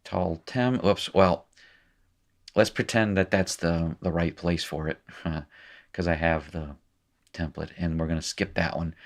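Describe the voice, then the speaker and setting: A man's voice: sits low, fairly even intonation, measured pace. A man teaching a recorded lesson in a casual way, thinking aloud with fillers and small self-corrections. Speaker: language teacher. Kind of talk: recorded lecture at a whiteboard.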